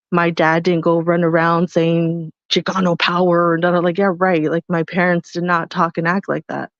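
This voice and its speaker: A woman's voice: fairly low pitch, no echo. A woman co-hosting a live podcast, speaking frankly and casually about how she grew up and laughing easily. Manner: frank, talks about her own upbringing, laughs easily. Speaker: podcast co-host. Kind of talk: casual live-stream chat. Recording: dry, dull lo-fi sound.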